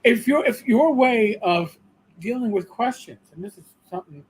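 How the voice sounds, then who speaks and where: A man's voice: high-pitched, lively intonation, moderate pace, husky, rough recording. A man with a New York accent co-hosting a livestream, talking emphatically and restarting his words. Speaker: co-host. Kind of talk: casual livestream discussion.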